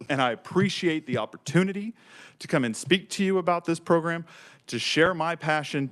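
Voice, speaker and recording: A man giving emotional, fervent testimony to a legislative committee as a program director, speaking with earnest enthusiasm. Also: on the high side. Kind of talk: passionate public testimony. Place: state legislature committee room.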